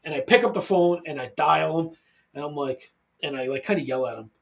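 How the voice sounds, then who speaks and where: A man in his forties hosts a casual podcast chat from a studio, with a voice sitting a little higher than most men's. He tells stories with lots of energy and gets loud when he acts out what people said. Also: fairly quick, creaky. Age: 40s. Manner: animated storyteller, loud when acting out quotes. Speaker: podcast host.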